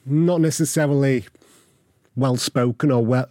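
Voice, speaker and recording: A man's voice: mid-range voice, measured pace, no echo. Guy telling his story on a podcast, acts out the voices, really dry mic. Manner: candid, animated storyteller acting out quoted voices. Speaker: guest.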